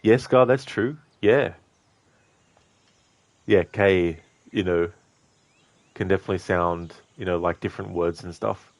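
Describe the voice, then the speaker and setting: Chatty Australian man with a low voice. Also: unhurried, gravelly, long pauses, dry recording. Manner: chatty and relaxed, with frequent "you know" fillers. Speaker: gaming streamer. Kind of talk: casual gameplay commentary, reading chat.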